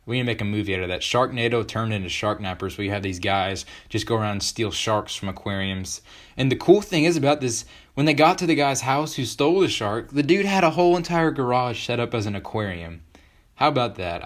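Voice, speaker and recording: A teenage boy hosting a podcast, chatting in a joking, excitable way with lots of fillers. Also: fairly low pitch. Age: teens. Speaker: podcast host. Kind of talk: casual podcast chat.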